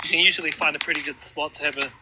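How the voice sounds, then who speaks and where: A man's voice: on the high side, fairly even intonation, rapid-fire, noisy background. A man chatting laid-back with friends on a call, often saying "bro". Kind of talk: casual chat among friends.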